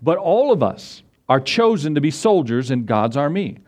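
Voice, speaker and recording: A male pastor preaches a sermon, slowly reading scripture and posing rhetorical questions to the congregation. His voice is a little high and a little mellow, and his delivery is very animated.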